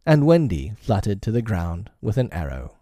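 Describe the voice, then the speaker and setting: A man reading a children's storybook aloud in an expressive storytelling manner. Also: fairly low pitch, normal speed, no echo. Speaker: narrator.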